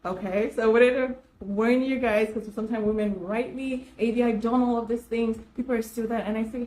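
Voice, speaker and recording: A woman self-care coach chatting straight to her viewers, telling a story with animated asides and frequent laughs. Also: fairly high pitch, brisk, hardly any pauses, a little hiss or hum, rough recording. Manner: animated, laughs often while telling stories. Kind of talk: casual storytelling vlog.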